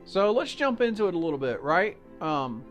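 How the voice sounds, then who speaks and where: An American man hosts a solo podcast, chatting in a folksy, casual way as he walks listeners through simple numbers step by step, using plenty of fillers. His voice is high with big swings in pitch, his pace is moderate, and faint music plays behind him.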